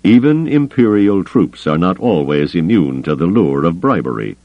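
Male narrator as cool alien admiral, measured and dry; low, expressive, slightly dull storybook audio. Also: no room sound.

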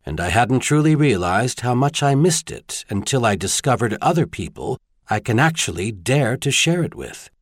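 A man's voice: medium pitch, sing-song, moderate pace, few pauses, husky, no echo, studio quality. A man voicing a tall, kindly advisor in an audiobook, earnest and lightly wry. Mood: wistful.

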